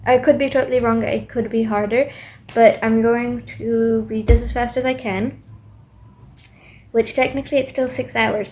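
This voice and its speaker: High gravelly young woman vlogging. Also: measured pace, darkish tone, slight background noise. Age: young adult. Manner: rambling, self-talking with many fillers. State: tired late at night. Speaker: student vlogger. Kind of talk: casual video diary.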